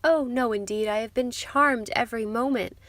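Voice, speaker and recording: A woman's voice: medium pitch, moderate pace, a bit bright, no room sound, lightly acted. A woman voicing a gushing, snobbish society mother who talks in an affected, effusive way.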